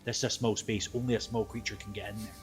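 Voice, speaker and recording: A man narrating a tabletop game as game master, lively and laughing often, with loose asides. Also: on the low side, quick pace, faint music behind.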